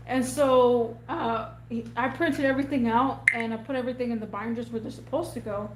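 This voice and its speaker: A woman with a high, bright-pitched voice chats to her viewers and tells a story in a lively, animated way. The room is echoey, and a faint hum sits underneath. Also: fairly quick, hardly any pauses. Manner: animated, chatty, acts out scenes. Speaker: vlogger. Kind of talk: casual storytelling to camera.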